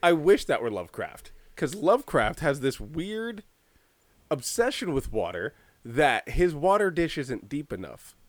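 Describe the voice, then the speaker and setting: A man's voice: a little high, a little slow, no room sound. Young guy cracking up telling pet stories, bouncy voice up and down, dry close mic. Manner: animated, swears freely, acts out voices. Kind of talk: casual chat, comic storytelling.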